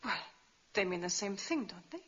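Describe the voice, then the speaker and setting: An actress playing a nervous young female university instructor who speaks earnestly and often in a hush. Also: medium pitch, very animated, moderate pace, breathy edge. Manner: earnest, often hushed and whispering. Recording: muffled 1960s TV soundtrack.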